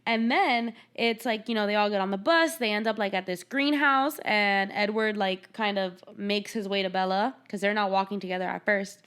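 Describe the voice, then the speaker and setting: A woman's voice: mid-range voice, moderate pace, hardly any pauses, a bit bright, clean tone. A young woman hosting a podcast, recapping a film in casual chat, sarcastic and swearing freely as she retells scenes. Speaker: podcast host.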